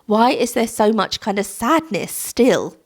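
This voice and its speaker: A woman's voice: a little high, sing-song, measured pace, breathy edge. Chatty woman venting about reality TV. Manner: chatty, exasperated rhetorical questions. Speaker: reality TV recap vlogger. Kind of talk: casual recap chat to camera.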